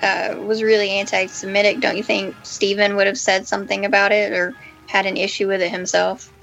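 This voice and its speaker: Gravelly-voiced woman co-host. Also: medium pitch, flat delivery, brisk, fairly bright tone, lo-fi sound, faint music behind. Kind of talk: casual interview chat.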